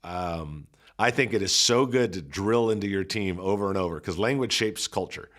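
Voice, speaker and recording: A man's voice: low voice, moderate pace. A man, a pastor and church coach, talking in a casual coaching conversation and telling stories with acted-out quotes. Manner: animated storyteller who acts out quoted people.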